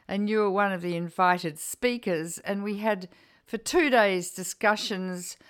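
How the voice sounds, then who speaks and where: An older woman hosting a radio interview program, speaking in an earnest, measured way. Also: mid-range voice, a bit bright, smooth. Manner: earnest, measured, re-enacts quotes. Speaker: radio show host.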